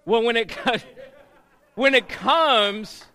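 A middle-aged male pastor preaching with a high, bright, ringing voice. He keeps his sermon conversational, asking the congregation questions and getting them to call answers back to him. His delivery is lively and engaging. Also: takes it slowly.

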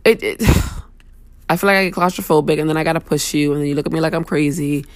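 A woman's voice: low voice, fairly even intonation, fast, no echo. A young woman hosting a casual talk show, venting bluntly and sassily with plenty of profanity. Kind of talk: casual opinion rant.

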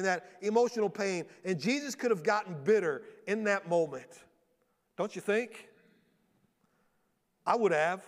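A man preaching a sermon from a church stage in a lively storytelling way, often acting out the voices of the people he quotes. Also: high voice. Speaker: pastor. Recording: long reverb of a large hall.

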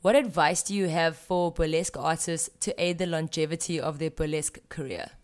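A woman interviewer asking questions in a friendly, measured way. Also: low voice.

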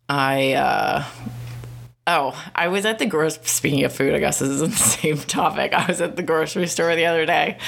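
A woman's voice: low-pitched, fairly bright tone. A woman talks through a casual podcast monologue. She rambles, swears freely and breaks into small laughs mid-sentence. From United States. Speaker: podcast host.

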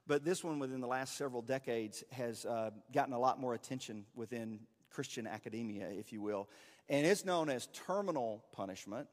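A man's voice: medium pitch, long reverb tail. A man teaching a church class in a conversational, explaining way, with fillers and restarts. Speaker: pastor or teacher.

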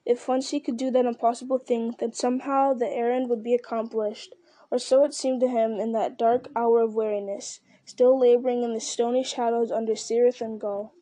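A woman's voice: on the high side, flat delivery, normal speed, warm tone. A woman reading a story aloud, steadily, with the occasional restart. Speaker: reader.

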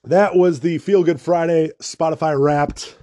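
Talking unhurriedly in a mellow voice on the high side, a young man hosts his own casual podcast. His intonation stays fairly even as he rambles, swears freely and pokes fun at himself.

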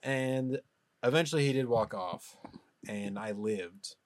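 A man co-hosting a podcast, casually telling a story, animated, laughing often and dropping to a hush for suspense. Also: medium pitch, slow, dry recording. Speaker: podcast co-host.

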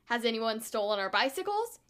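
A woman voicing a blunt young boy from a storybook, higher voice, curious questions, cross edge. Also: big pitch swings, brisk, fairly bright tone. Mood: questioning.

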